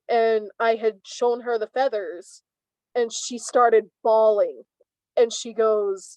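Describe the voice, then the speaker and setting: Young woman from savannah, kinda high voice, lively storyteller, dry close sound. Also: unhurried, no room sound, rough recording. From Savannah, Georgia, US. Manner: animated storyteller, acts out quoted speech. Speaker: guest. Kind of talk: casual conversation.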